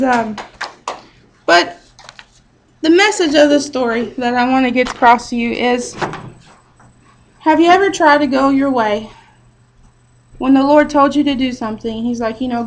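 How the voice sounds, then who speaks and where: A woman's voice: a little high, fairly even intonation, normal speed, slight background noise, low-quality recording. A woman teaching a Bible story to a group in a chatty, casual way, full of fillers and "he's like".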